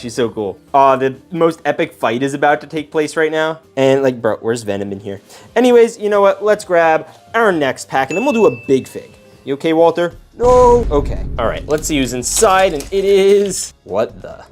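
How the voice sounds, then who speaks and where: A young man hosting a casual toy unboxing, talking in an excitable, slangy way as he reacts while building. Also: a little high.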